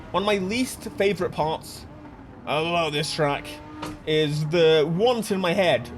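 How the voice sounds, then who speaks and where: A man hosting a gaming channel, commenting on a racing game in a jokey, excitable way and laughing often. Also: on the high side.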